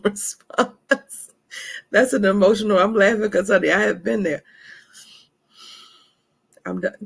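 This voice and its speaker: With a medium-pitched voice showing vocal fry, a woman delivers an emphatic motivational talk on self-care, calling her listeners honey and tossing in laughing asides. The sound is slightly rough.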